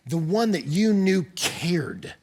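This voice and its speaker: A man preaching in a church with a high, gravelly voice edged with husky breath. He delivers the sermon with passion, dropping to near-hushed phrases and then rising to loud, pressing emphasis. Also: lively intonation, takes it slowly. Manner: impassioned, swings between hushed and loud emphasis. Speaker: pastor.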